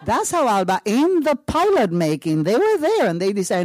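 A woman from Puerto Rico, with a Puerto Rican accent, tells a story to a panel audience. Her pitch rises and falls with lively animation, and she acts out each exchange with laughter and short Spanish asides. The sound is close and dry, with no room echo. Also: normal speed, hardly any pauses, some chatter behind. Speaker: actress on a panel. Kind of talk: panel talk, telling an anecdote.

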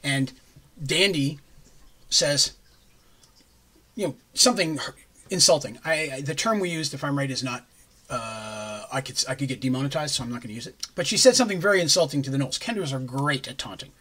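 A man's voice: medium pitch, animated, fairly quick, pushed and bright, husky. A man recapping a tabletop campaign in a casual, rambling way, with jokey asides. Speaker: game master recapping a campaign.

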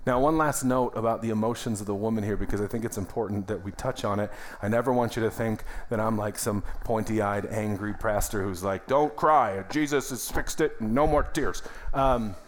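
A man's voice: on the low side, steady tone, fairly quick, hardly any pauses, a little hiss or hum. A young adult man, a pastor, preaching a sermon in a church in a conversational, emphatic way with calls of amen. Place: church sanctuary.

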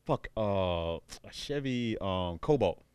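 A man's voice: lowish voice, lively intonation, slow, darkish tone, smooth, no room sound. A man chatting casually on a podcast, telling rambling, profane stories with laughs. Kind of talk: casual chat.

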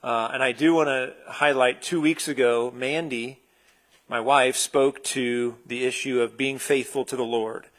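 A man preaching a conversational sermon, relaxed and searching, with frequent fillers and restarts. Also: mid-range voice, a little slow. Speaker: pastor.

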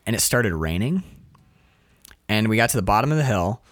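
A man's voice: fairly low pitch, a little fast, no room sound. A man hosting a casual chat about a film, telling stories in a loose, rambling way and slipping into playful voices for the people he quotes. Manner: animated storyteller, jumps into playful quoted voices; loose, rambling delivery with restarts.

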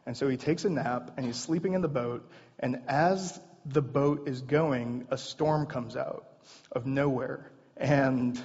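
A man delivers a sermon in a relaxed, conversational way, earnest and direct with the congregation. His voice is a touch husky and sits at a middle pitch. The sound is a little dull and carries a long hall reverb. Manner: conversational, earnest preaching with casual asides. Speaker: pastor.

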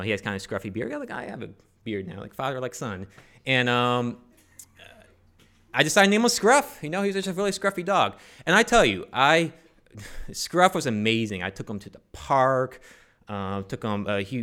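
A man's voice: medium pitch, moderate pace, fairly bright tone. A man telling a personal story to a live audience, rambling and joking with many fillers and restarts. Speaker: storyteller on stage.

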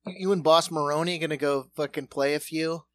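A man co-hosting a casual podcast, telling a story in an animated, profane way. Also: a little high, fairly quick, no room sound. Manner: animated, profane, lots of fillers.

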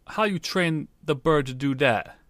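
A man doing a loud street sweeper. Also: on the high side, measured pace, dry recording, voice pushed up. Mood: gruff. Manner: blunt, loud, clipped grammar.

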